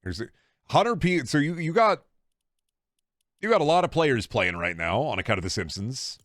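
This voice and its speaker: A young man streaming a video game, chatting casually with a rambling, jokey, profane manner and sudden excited outbursts. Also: medium pitch, moderate pace, no echo, studio quality. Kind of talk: casual gaming stream chat.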